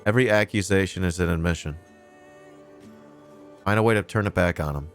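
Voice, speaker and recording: A male streamer with a lowish voice reacts to a news clip, sarcastic and indignant, swearing now and then. Soft music plays faintly under his talk. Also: a little fast. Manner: sarcastic, indignant, with crude asides. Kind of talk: casual live-stream commentary.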